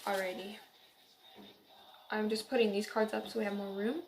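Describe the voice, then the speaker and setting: A woman's voice: medium pitch, steady tone, normal speed, vocal fry, slight background noise. A young woman from central Illinois giving a casual, upbeat tarot reading, chatty and giggly. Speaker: tarot reader.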